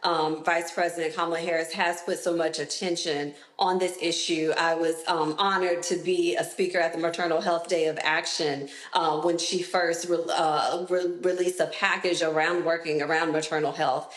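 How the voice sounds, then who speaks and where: A woman interviewed as a health expert, answering in a clear, deliberate, explanatory way. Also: fairly low pitch, level tone, roomy sound.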